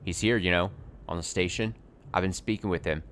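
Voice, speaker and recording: A man voicing a smug, treacherous young male character from a story game, taunting his former coworker in a low voice. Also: brisk, fairly bright tone, slight background noise.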